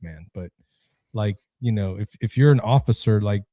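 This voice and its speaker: A man's voice: lowish voice, moderate pace, warm tone, dry recording. A man hosting a podcast, ranting bluntly and profanely in casual chat. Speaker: podcast host.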